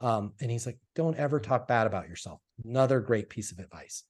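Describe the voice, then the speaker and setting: A man, a sales coach being interviewed, telling stories in a casual, animated way and acting out the dialogue. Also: mid-range voice, fairly quick. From Colorado, USA.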